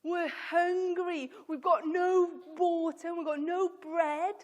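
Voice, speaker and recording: A woman's voice: extremely high pitch, steady tone, takes it slowly, pitched above the performer's own voice. A woman voicing a crowd of grumbling, fed-up desert wanderers, dragging out their moaning complaints, in a church hall with long reverb. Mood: whining.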